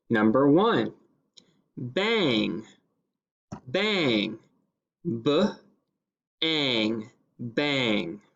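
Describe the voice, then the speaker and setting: A male teacher leading a phonics lesson, sounding out each word slowly and deliberately. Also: mid-range voice. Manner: slow, deliberate sounding-out of words. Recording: slightly dull lo-fi classroom recording.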